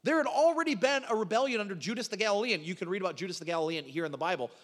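A middle-aged man preaching a sermon as a pastor, telling stories in an animated way with frequent restarts. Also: high-pitched, very fast. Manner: animated storytelling with repeated restarts. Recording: long reverb of a large hall.

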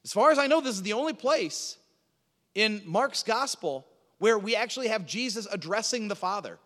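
Male preacher, high animated voice, teaching style with rhetorical questions, reverberant hall sound. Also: normal speed. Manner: asks the audience questions and answers them, repeats words. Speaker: preacher teaching a Bible class. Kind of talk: sermon-style Bible teaching.

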